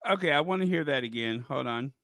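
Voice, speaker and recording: A man hosting a channel, chatting casually in a rambling, halting way full of fillers. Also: medium pitch, expressive, a bit bright, dry recording. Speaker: channel host reacting to a clip. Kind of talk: casual chat.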